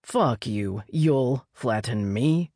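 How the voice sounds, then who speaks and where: A woman voicing a proud male vampire prince who swears and threatens in a lowered voice. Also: lively intonation, normal speed, a little mellow, husky, dry recording, studio quality, heavily acted. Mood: threatening.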